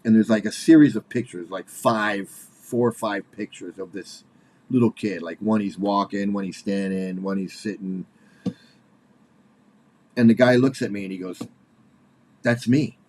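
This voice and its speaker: Halting, worked-up man in his forties. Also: on the low side, fairly even intonation, darkish tone. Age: 40s. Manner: halting, repeats words, nervous laughs. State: worked up, angry. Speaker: commentator. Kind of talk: casual spoken commentary.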